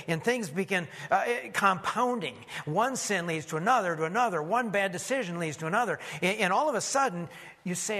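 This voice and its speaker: A man preaching a sermon as pastor, emphatic, dropping low and quiet for warnings and calling on the congregation to answer back. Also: big-room sound.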